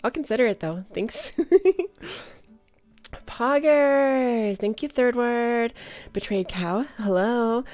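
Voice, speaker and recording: A woman's voice: a little high, slow pace, darkish tone, no echo, faint music behind. Giggly young woman streamer, slight Valley Girl lilt. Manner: bubbly, giggly, greets chat by name. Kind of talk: casual chat with live viewers.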